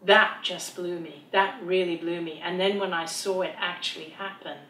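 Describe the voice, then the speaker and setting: A woman, an author, answering an interview question in a slow, earnest, awed way. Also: on the low side, steady tone, pushed and bright, a little hiss or hum. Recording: roomy echo.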